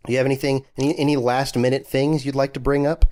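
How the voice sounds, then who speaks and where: A man's voice: medium pitch, flat delivery, fast talker, warm tone. A young man co-hosting a podcast in casual, joking chat. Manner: joking, laid-back, trails off and restarts. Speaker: podcast co-host.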